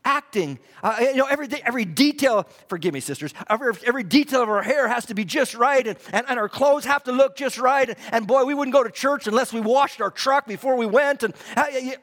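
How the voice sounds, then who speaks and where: A man preaching a fervent sermon in a church, repeating his lines and swinging from loud to hushed. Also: extremely high pitch, fast, few pauses. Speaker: pastor. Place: church hall. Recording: long hall reverb.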